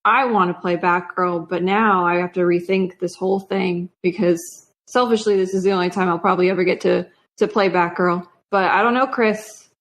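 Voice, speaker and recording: A woman's voice: on the low side, fairly even intonation, moderate pace, few pauses. Chatty woman guest. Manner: chatty, uses fillers. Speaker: guest writer. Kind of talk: casual chat.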